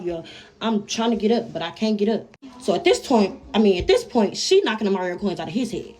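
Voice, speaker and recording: A woman's voice: mid-range voice, darkish tone. A woman telling a personal story to her viewers in a brash, profane, casual way, constantly calling out to them as y'all.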